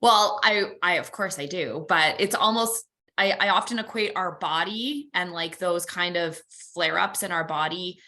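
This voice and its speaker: A woman's voice: lowish voice, moderate pace, bright, forceful tone. A woman co-hosting a motivational talk, chatty and self-deprecating, explaining with everyday analogies. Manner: chatty, uses car analogies, laughs at herself. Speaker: co-host.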